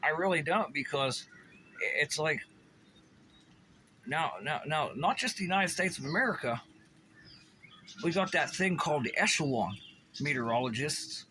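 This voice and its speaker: Sarcastic ranting man with a lively, bright voice. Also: on the high side, normal speed, pauses often, a little hiss or hum. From Pittsburgh area. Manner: agitated, sarcastic, stumbling over restarts. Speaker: vlogger. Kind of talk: angry profane rant.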